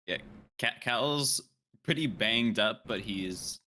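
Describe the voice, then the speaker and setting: A man playing a tabletop game, quietly describing his character's actions. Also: fairly low pitch, expressive, slow pace, slight background noise. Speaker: player. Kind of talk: tabletop role-play narration.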